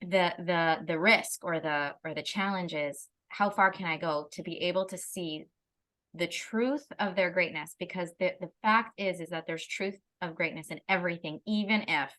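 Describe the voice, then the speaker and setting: A woman's voice: lowish voice, normal speed, a bit bright. A woman, a parenting educator, in a casual conversation, talking animatedly with frequent restarts and laughs.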